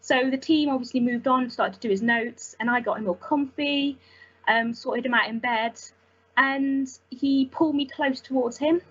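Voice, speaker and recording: Husky young woman, earnest. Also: high voice, a bit bright, highs cut off. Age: young adult. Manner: earnest and halting, emotional. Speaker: volunteer. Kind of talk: personal testimony.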